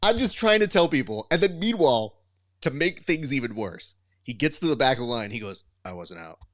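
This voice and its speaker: Male co-host, lively swinging pitch, dry close mic, acts out quotes in his stories. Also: brisk, dry recording. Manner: animated storyteller who acts out quotes. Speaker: podcast co-host and grappling coach. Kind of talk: casual podcast storytelling.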